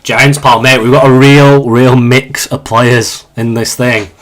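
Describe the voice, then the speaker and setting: This twentysomething from Yorkshire, England, speaks slowly in a mid-range voice that barely shifts in pitch. He's gaming on a live stream, chatting casually and reading out questions from viewers.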